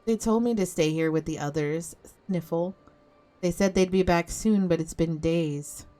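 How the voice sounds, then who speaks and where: A woman's voice: on the low side, moderate pace, dark tone, close to an everyday voice. A woman doing a small, plaintive lost child. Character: small frightened child looking for parents.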